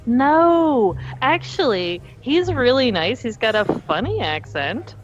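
A woman's voice: on the high side, big pitch swings, slow pace, highs cut off, faint music behind, pitched above the performer's own voice. A woman voicing a friendly, forward young librarian from the countryside who talks in a chatty, eager, earnest way.

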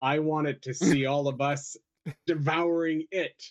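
A man playing a tabletop role-playing game, slowly describing what his character does. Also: a little high, steady tone. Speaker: player.

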